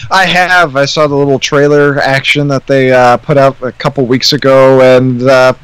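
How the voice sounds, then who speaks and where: A man's voice: medium pitch, level tone, moderate pace, fairly bright tone, clear, resonant tone, no room sound, poor audio. A man guesting on a podcast, talking in a laid-back, easygoing way. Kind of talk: casual podcast chat.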